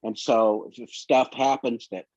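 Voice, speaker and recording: A man's voice: medium pitch, steady tone, a little slow, a little mellow, dry recording. A man telling long, winding work stories as a guest in a casual interview. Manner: rambling, long winding anecdotes. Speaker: photographer guest. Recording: dull lo-fi dry sound.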